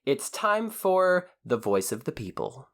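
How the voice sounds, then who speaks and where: A man co-hosting a podcast in casual chat, with a voice of ordinary middle pitch. He speaks in an earnest, measured way and introduces each segment and listener shout-out with steady care. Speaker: podcast co-host.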